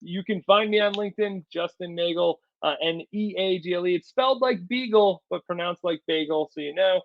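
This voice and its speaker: A man with a somewhat high voice talks with energy as a podcast guest, repeating words to stress his points. The sound is dry and a little dull, with no room around it. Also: brisk, dry recording. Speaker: podcast guest, company storyteller. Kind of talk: casual business interview.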